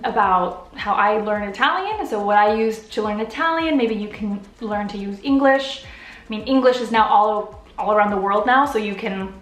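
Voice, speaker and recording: A woman's voice: medium pitch, expressive, moderate pace, a bit bright, reverberant. A woman YouTuber answering viewer questions in a casual, earnest way, getting emotional as she talks. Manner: open, earnest, gets emotional. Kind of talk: casual Q and A vlog.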